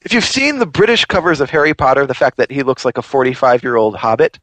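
A man's voice: medium pitch, big pitch swings, fast, fairly bright tone, slight background noise. A man hosting a podcast, ranting animatedly in casual chat. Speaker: podcast host.

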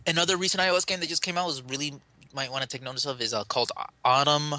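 Bright, rambling man on a podcast. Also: fairly high pitch, steady tone, very fast, no echo. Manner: rambling, self-correcting, enthusiastic. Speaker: podcast co-host. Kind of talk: casual chat about games.

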